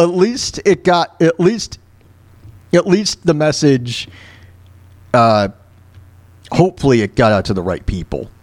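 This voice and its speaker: Halting, emotional male radio host. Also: mid-range voice, a little mellow. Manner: halting, stammering, full of fillers and restarts. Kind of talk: heartfelt on-air thank-you.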